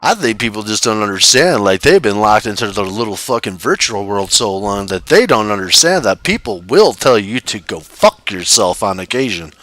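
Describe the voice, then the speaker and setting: A man riffs loosely while he plays, swearing freely and breaking into laughs. His pitch swings widely, and his tone is bright and forceful. The sound is dry and close, with no room echo. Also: sing-song, normal speed, few pauses. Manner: profane, rambling, laughs often. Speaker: streamer playing a survival game. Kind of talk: casual gameplay commentary.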